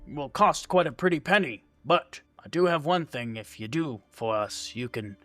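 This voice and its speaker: A man's voice: on the high side, expressive, moderate pace, bright, forceful tone, no room sound, faint music behind. A man voicing a shrewd male crusader smith who bargains in a tabletop game. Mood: bargaining. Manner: bargaining, easygoing.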